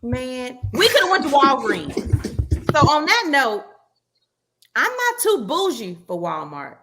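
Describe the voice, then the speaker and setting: Animated woman host telling a story. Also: sits high. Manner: animated, emphatic, exasperated storytelling. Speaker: podcast host. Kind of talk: casual storytelling.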